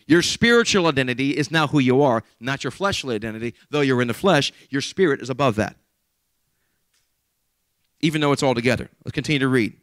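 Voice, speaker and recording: A man's voice: medium pitch, fast talker, fairly bright tone, no echo. A middle-aged man preaching a sermon as a pastor, emphatic and given to repeating key phrases.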